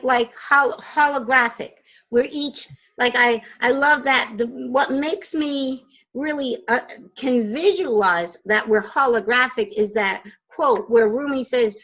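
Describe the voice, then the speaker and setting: A woman hosting a casual spiritual chat from her home, enthusiastic and quick to laugh. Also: on the high side, pushed and bright, muffled recording. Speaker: radio host. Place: home in the Poconos.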